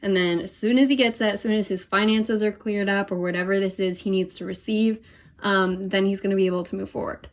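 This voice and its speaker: In a brisk, mid-range voice with a steady tone, a young woman gives a casual tarot reading while kneeling over her cards on the floor at home. Leaning over them leaves her a little out of breath. She's talkative, uses plenty of "um" and "like," and chuckles at herself.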